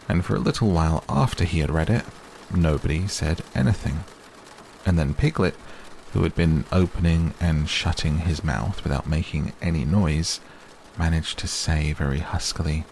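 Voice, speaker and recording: A man narrating a storybook calmly and soothingly for bedtime listening. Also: low-pitched, creaky, slight background noise, poor audio. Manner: slow, calm and soothing. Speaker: audiobook narrator. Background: rain sounds.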